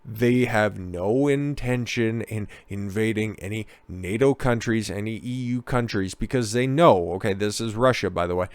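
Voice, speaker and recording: A man's voice: on the low side, normal speed, few pauses, clear, resonant tone, no echo. Sarcastic, swearing man with a dry sound. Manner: sarcastic, profane, mocking. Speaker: political commentator. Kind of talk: casual commentary on read-out news.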